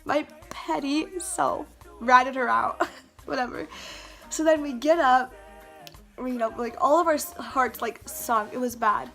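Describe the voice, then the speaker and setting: A woman's voice: high-pitched, unhurried, bright, forceful tone, faint music behind. A woman telling a story to her camera in a casual vlog, chatty and stammering, with lots of fillers and restarts. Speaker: vlogger. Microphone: camera mic.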